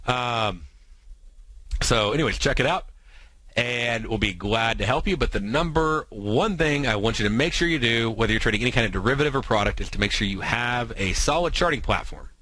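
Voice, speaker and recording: An American man hosts a trading talk show, speaking quickly with lots of fillers and asides. His voice is bright and forceful, at an ordinary male pitch. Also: animated, no echo, poor audio. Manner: talks fast, many fillers and asides. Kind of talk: fast explanatory talk on trading.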